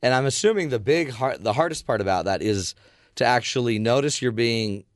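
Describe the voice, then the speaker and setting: A man hosting a conversation, chatty and quick to chime in, with easy laughter. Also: mid-range voice, animated, dry recording, studio quality. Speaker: host. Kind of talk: casual chat.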